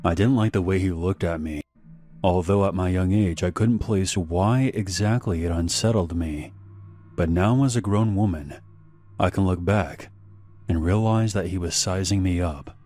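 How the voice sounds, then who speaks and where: A man narrating an animated horror story in a measured, slow storytelling manner. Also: low-pitched. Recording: faint background music.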